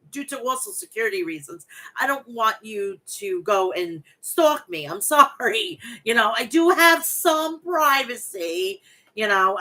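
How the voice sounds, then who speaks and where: Bright nasal Long Island woman. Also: medium pitch. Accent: Long Island New York. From New York, Long Island. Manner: chatty, blunt, swears freely. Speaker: wrestling podcast host. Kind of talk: casual chat and recap reading.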